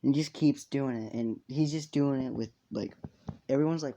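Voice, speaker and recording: Brief: laid-back guy narrating a fan story, mellow voice, loose and profane. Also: mid-range voice, fairly even intonation, fairly quick. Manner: rambling, laughing, swearing often. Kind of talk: casual fan story retelling.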